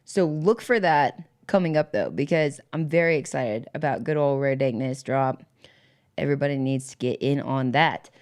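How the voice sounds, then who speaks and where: A woman's voice: a bass voice, moderate pace, a little mellow. A woman hosting a casual livestream, rambling with lots of fillers, laughing often and greeting viewers in the chat by name. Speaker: livestream host.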